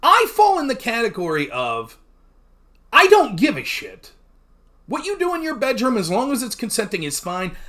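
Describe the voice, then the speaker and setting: A man hosting a livestream, talking casually in a blunt, profane rant and pausing to thank chat viewers. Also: very high-pitched, wildly swooping pitch, bright, forceful tone. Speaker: livestream host.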